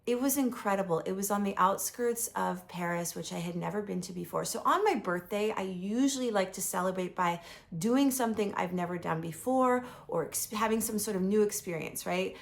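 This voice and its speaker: Woman in her 50s vlogging, chatty and eager, lots of um and like, bit of vocal fry. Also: medium pitch, lively intonation, fairly quick. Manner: enthusiastic, chatty, many fillers like "um" and "like". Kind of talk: casual personal storytelling.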